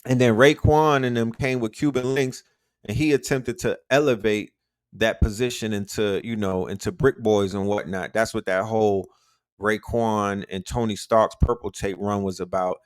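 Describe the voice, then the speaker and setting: A man's voice: fairly low pitch, steady tone, normal speed, clean tone, no room sound, studio quality. A middle-aged man from Harlem, talking casually about hip hop history in a slangy, emphatic way and repeating points for emphasis. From Harlem, New York. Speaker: podcast host.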